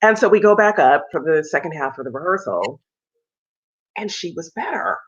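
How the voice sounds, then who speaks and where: Animated woman telling a long story. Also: low voice, moderate pace, slightly rough. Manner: animated storyteller, acts out quoted lines in a raised voice. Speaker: soprano, interview guest. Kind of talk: storytelling in an interview. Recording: dull lo-fi sound.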